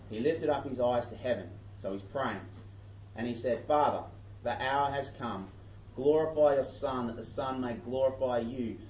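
An Australian pastor preaches a sermon, reading scripture aloud and interrupting himself with chatty asides in a conversational style. His voice is mid-range and darkish, with slight background noise, and the church audio sounds echoey, distant, and dull.

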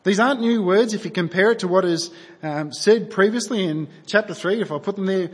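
A man's voice: high-pitched, a little fast, husky. A man preaching a sermon in an earnest, conversational way, asking his listeners rhetorical questions. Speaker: pastor. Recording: long hall reverb.

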